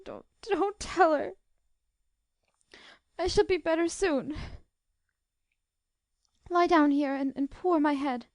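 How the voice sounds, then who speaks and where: Lady doing a high soft teen girl, teary and pleading, storybook reading. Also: a little slow, no echo, clean studio sound. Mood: tearful pleading. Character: gentle tearful teenage girl in pain. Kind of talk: audiobook narration.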